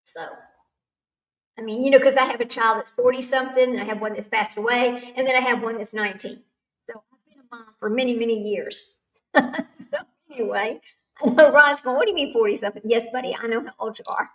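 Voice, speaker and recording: A woman's voice: fairly high pitch, fairly even intonation, a little fast, fairly bright tone. A woman, hosting a casual livestream chat, rambling and laughing often. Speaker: livestream host. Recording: echoey room, far from the mic.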